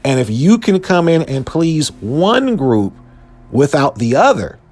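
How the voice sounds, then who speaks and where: A man's voice: on the high side, very animated, measured pace, darkish tone. A man, hosting a show and delivering a heated, emphatic commentary monologue in casual slang. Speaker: podcast host.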